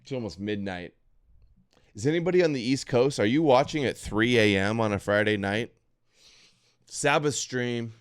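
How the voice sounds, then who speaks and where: A man's voice: medium pitch, lively intonation, normal speed, long pauses, clear, resonant tone, no room sound, clean studio sound. A man hosting a late-night livestream, reacting to clips with sarcastic, dismissive comments. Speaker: livestream host.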